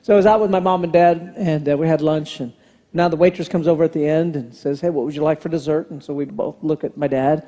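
In a large church hall with long reverb from the sanctuary, a pastor in his fifties preaches a sermon, recounting a family story and acting out its dialogue. His voice sits on the high side with fairly even intonation and a dark tone. He speaks fast.

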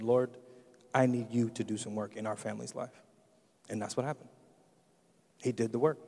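A man's voice: mid-range voice, darkish tone. Young man preaching in a reverberant hall. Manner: conversational, asks the crowd questions often. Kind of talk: casual sermon. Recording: long reverb of a church hall.

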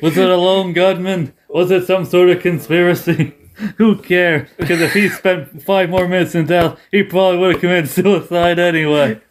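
A man's voice: sits high, steady tone, moderate pace, pitched above the performer's own voice, natural voice. A man putting on the voice of a smug, mocking male wrestling villain in a sneering delivery.

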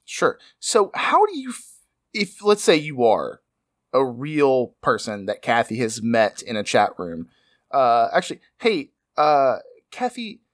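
A man's voice: wildly swooping pitch, unhurried, no echo, studio quality. A man hosting an improvised comedy podcast over a video call with a headset, skeptical and teasing. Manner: skeptical, teasing, with big pitch swings.

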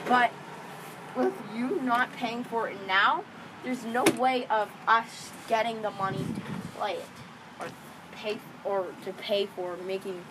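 A teenage girl talks in a bossy, rambling way, stopping to correct herself as she goes. Her voice sits fairly high and swings around a lot. There is clear background noise behind her. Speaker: young vlogger pitching a game club. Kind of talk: rambling casual monologue.

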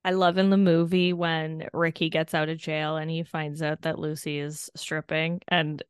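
A woman, co-hosting a podcast in relaxed, casual chat about a show. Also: deep voice, normal speed, smooth, dry recording, studio quality. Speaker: podcast co-host.

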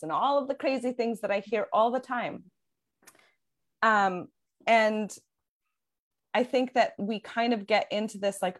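A woman's voice: medium pitch, moderate pace. A woman working as a parenting coach, talking in a casual podcast conversation, earnest and explanatory, with frequent fillers and restarts.

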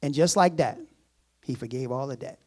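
A man preaches a sermon in a voice of middling pitch. He reads scripture aloud and keeps breaking off with laughing asides. When he gives the servant's words, he drops into a low, casual voice. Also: normal speed, darkish tone.

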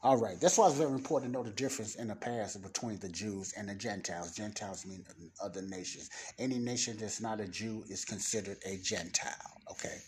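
A man teaching the Bible in an informal sermon, emphatic, slowing down to stress his points. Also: lowish voice, darkish tone, slight background noise.

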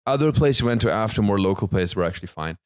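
A man, co-hosting a podcast, telling stories in a lively way with frequent restarts and laughs. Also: lowish voice, quick pace, smooth, dry recording, clean studio sound. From Germany. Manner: animated storyteller, stammers and restarts, laughs often. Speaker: podcast co-host. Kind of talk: casual chat.

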